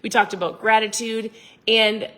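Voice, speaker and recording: A woman's voice: fairly high pitch, flat delivery, moderate pace, a bit bright, rough recording. A middle-aged woman with a Minnesota accent, co-hosting a casual chat about faith and money. She is chatty, laughs often and loses her train of thought. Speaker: podcast co-host.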